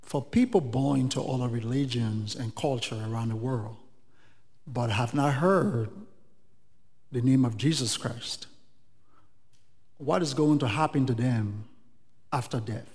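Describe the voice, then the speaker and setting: A man from Indianapolis asks his question in a formal, measured way at an audience microphone. His voice is mid-pitched, and a long reverb from a large hall follows it. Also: a little mellow. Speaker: audience member asking a question.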